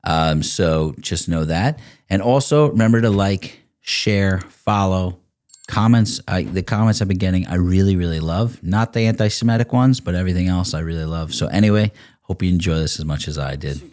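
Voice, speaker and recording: A man's voice: low-pitched, normal speed, darkish tone. A man hosting a podcast in casual chat, direct and chatty, pushing his guest to keep talking. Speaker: podcast host.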